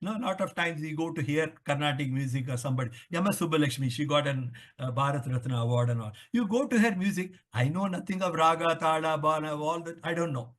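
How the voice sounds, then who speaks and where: An older man with an Indian English accent talks in a high voice, lecturing through a long interview answer. He repeats points and poses questions to himself as he explains. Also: fast, hardly any pauses, fairly bright tone. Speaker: author interviewed on the Vedas.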